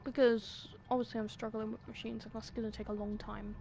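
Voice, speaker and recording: A woman's voice: a little high, flat delivery, brisk, vocal fry, darkish tone, soft background music. A young British woman livestreaming a game, chatting and pleading with the characters in an exasperated way. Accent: British English. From Britain. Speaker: streamer. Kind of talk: gaming commentary.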